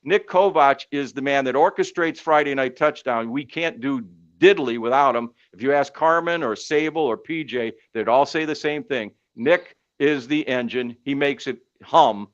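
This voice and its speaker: A middle-aged sportscaster spins long, animated stories, leaning on fillers like "you know" and "uh." He has a mid-pitched male voice. The audio sounds dull and lo-fi, like podcast audio. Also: normal speed, few pauses. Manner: animated storyteller with many fillers. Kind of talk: casual storytelling chat.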